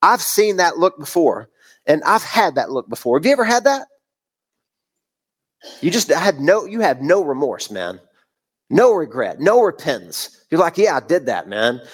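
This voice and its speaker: A man's voice: fairly high pitch, very animated, unhurried, pauses often, slightly rough. A middle-aged man preaching a sermon in a conversational way, using many rhetorical questions and often saying "man". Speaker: pastor.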